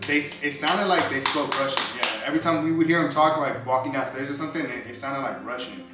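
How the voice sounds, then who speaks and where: A man's voice: mid-range voice, fast talker, recorded from a distance. A young man casually telling a story on a vlog, acting out what people said, with slangy speech. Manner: animated storyteller, acts out quotes, slangy. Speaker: vlogger. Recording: echoey room, voice off-mic, music behind.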